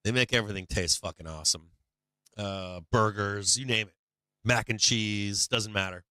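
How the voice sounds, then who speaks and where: A man's voice: on the low side, moderate pace, bright, forceful tone, clear, resonant tone, dry recording. A man hosting a livestream, chatting casually in a rambling, profane way and answering his chat. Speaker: livestream host.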